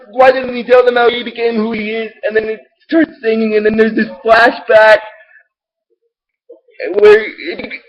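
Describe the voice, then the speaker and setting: High-voiced man rambling excitedly. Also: muffled recording. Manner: rambling, excitable, many restarts, laughs at own material. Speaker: show host recapping episodes. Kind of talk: casual rambling recap.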